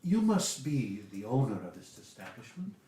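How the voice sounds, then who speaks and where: A man voicing a zealous hooded cult leader who speaks slowly and piously, heard in an echoey room from a distant mic. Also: medium pitch, sing-song, warm tone, natural voice. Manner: slow, pious, preachy.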